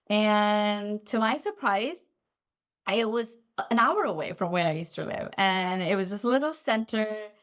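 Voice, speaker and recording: A woman in her forties, a podcast guest, telling a personal story in a relaxed, animated way and acting out what she said back then. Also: mid-range voice, unhurried. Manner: animated, acts out her own past lines. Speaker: podcast guest, physical therapist. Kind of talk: casual storytelling in interview. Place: lived in the Midwest.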